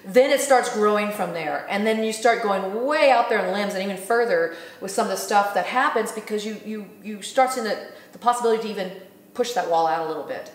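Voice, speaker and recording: A woman hosting a casual spiritual talk, animated and laughing often as she acts out what others said. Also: medium pitch, fairly quick, reverberant. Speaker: host.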